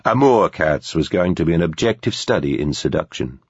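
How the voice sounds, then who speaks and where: Man narrating an audiobook, very low voice, measured pace, dull lo-fi dry sound. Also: animated, husky, no room sound. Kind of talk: scripted narration.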